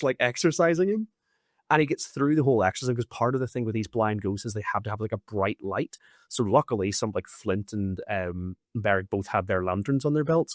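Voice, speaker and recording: Man, podcast host, casual storytelling, animated and sweary, mid-pitched, dry close mic. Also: dry recording. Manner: animated, swears freely, many fillers.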